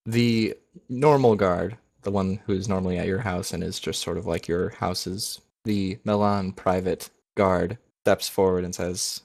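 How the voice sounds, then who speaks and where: A man's voice: low voice, fairly even intonation, measured pace, vocal fry, darkish tone, no room sound. A man running a tabletop game as game master, narrating casually and correcting himself as he goes.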